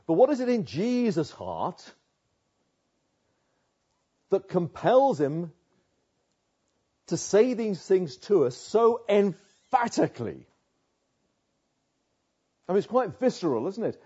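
A man's voice: on the high side, mellow, slightly rough, muffled recording. A man preaching a sermon, emphatic, repeating words and asking rhetorical questions.

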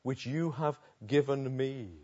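A man preaching a sermon, dropping to a hush and then rising loud, slow and emphatic with long pauses. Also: mid-range voice, steady tone, lo-fi sound. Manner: dramatic swings between hushed and loud passages.

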